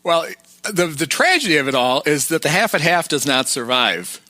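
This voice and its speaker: A man's voice: fairly high pitch, very animated, moderate pace, bright, forceful tone, no echo. Man recapping a film on a podcast. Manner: recaps the plot and acts out quotes. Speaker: podcast co-host. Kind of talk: casual film-discussion podcast.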